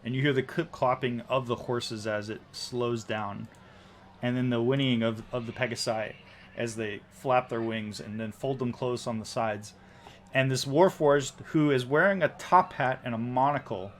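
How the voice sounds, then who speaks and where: A man narrating a tabletop game as game master, halting often with ums and restarts. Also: mid-range voice.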